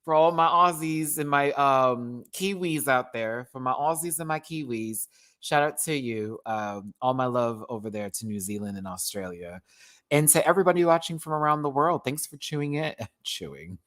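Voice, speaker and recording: A man from the United States talks at a moderate pace and medium pitch. On his own channel he reviews a show in a relaxed live-stream rant, animated and sassy, cracking jokes and laughing.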